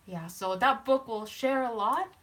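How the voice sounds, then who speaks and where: A woman guest on a casual live stream, offering encouragement in a halting, heartfelt way. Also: on the high side, fairly bright tone, slight background noise.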